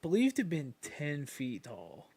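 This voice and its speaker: A man's voice: on the high side, huge pitch swings, unhurried, darkish tone, breathy edge. A man in his twenties telling rambling stories in a casual podcast chat, swearing often. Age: 20s. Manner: rambling, profane storyteller. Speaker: podcast co-host.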